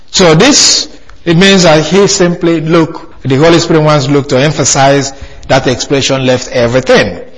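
A man preaching an expository Bible lesson, speaking deliberately and repeating key phrases for emphasis. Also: on the high side, a bit bright, rough recording.

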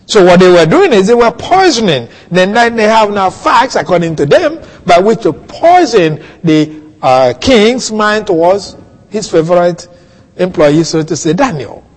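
A man preaching a sermon, teaching slowly through a Bible passage with soft chuckles and questions to his listeners. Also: sits high, big pitch swings, long reverb tail.

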